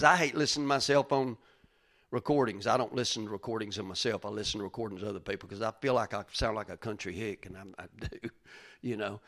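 An older man, preaching in a conversational style, calling listeners by name and moving between loud rises and quiet asides. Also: fairly low pitch, fast. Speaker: pastor. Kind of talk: conversational sermon.

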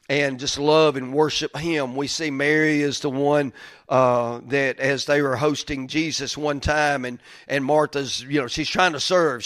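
Man, pastor, sermon, folksy, stuffy-nosed, conversational, middle pitch, builds to emphatic. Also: fairly bright tone. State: stuffy from crying.

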